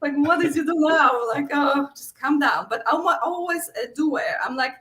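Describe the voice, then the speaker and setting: With a high, somewhat bright voice at a moderate pace and hardly any pauses, a middle-aged Polish woman guests in a casual interview. A real estate investor, she speaks with a Polish accent, laughs often, and plays out her own quotes while telling stories. The room is echoey.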